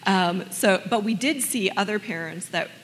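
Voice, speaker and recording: A woman's voice: mid-range voice, moderate pace, long reverb tail, a little hiss or hum. A woman telling parenting stories in casual chat, laughing often as she tells them. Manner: laughing, animated storytelling.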